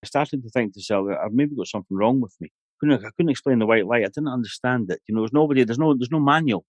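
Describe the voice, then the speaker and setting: A man's voice: medium pitch, quick pace, no echo. A middle-aged Scottish man, a guest on a podcast, telling a long personal story in a rambling, anecdotal way full of "you know". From Scotland.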